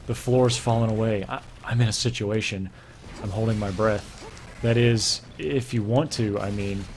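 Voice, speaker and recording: A young man giving a theatrical, hushed and breathy reading of a romance novel over gameplay, often breaking into laughter. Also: on the low side. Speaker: gaming streamer.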